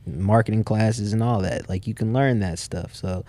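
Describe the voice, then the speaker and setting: A man's voice: on the low side, normal speed, warm tone. A man guest in a casual interview, telling his story and acting out what he and others said. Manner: storyteller who acts out his own quotes. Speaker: podcast guest, entrepreneur.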